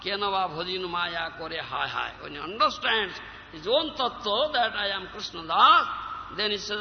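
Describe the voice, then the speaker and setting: A man preaches in an emphatic, questioning way, his voice high and gravelly. The recording is dull and lo-fi, carrying a long hall reverb with faint ambience behind. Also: expressive, moderate pace, slight background noise. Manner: emphatic, rhetorical questions to listeners, breaks into chanting. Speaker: spiritual teacher. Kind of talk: devotional lecture with sung verses.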